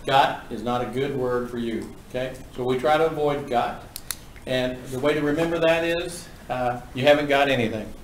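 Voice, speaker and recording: A man lecturing a class on auctioneering in a folksy, brisk, joking manner. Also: mid-range voice, a little hiss or hum. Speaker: auctioneering instructor. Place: classroom with students. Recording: echoey room from a distance.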